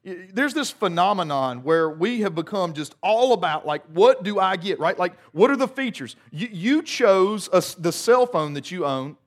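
A man delivers a sermon in a fairly high voice. He keeps it conversational, tossing in joking asides and restarting his sentences often. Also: expressive, moderate pace, few pauses. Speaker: pastor.

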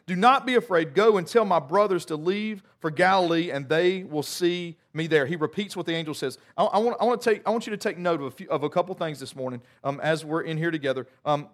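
A man delivers a sermon in a fairly high voice. He keeps it conversational, tossing in joking asides and restarting his sentences often. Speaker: pastor.

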